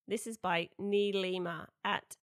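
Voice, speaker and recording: A woman's voice: medium pitch, steady tone, a little slow, no echo. A woman co-hosting a podcast, chatting casually and giggling as she reads out tweets. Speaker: podcast co-host. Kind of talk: casual chat. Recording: dry studio mic.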